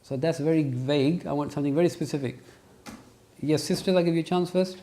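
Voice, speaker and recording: In a classroom with students, a fast-talking man with a slightly high voice teaches an interactive religious lesson. He's lively, quizzing his students and pressing emphatic points.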